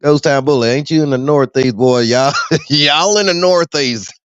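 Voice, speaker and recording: A man's voice: fairly high pitch, moderate pace, clear, resonant tone, no room sound, muffled recording. A man hosting a podcast in a loose, profane monologue, laughing often and calling out to his listeners. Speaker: podcast host.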